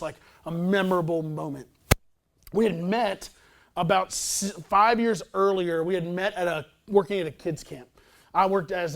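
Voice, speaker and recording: High-voiced man, chatty pastor. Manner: casual, chatty, self-deprecating storyteller. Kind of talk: sermon with personal storytelling.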